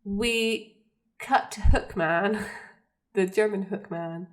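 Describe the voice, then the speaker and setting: A woman's voice: mid-range voice, takes it slowly. A young woman co-hosting a podcast, chatting casually and recapping scenes with frequent laughs. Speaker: podcast co-host. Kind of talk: casual chat.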